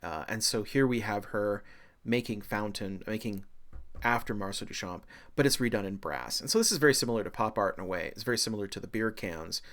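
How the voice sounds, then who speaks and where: A fairly low-voiced man delivering a university art history lecture. He speaks with lively, excitable energy, sprinkling in fillers and self-deprecating jokes as he explains. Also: fairly quick.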